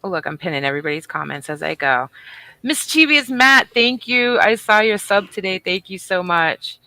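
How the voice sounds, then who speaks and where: A woman's voice: sits low, fairly even intonation, brisk, creaky, bright, forceful tone, no room sound. A woman co-hosting a casual livestream, bubbly and teasing as she greets viewers. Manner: bubbly, teasing, swings between squeals and mutters. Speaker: livestream co-host.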